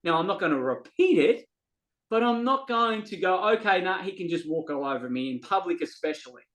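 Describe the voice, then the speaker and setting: A man's voice: high-pitched, a little fast, low-quality recording. A middle-aged man, a podcast guest telling a story in casual talk and acting out what people said. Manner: animated, acts out quoted dialogue, frequent restarts.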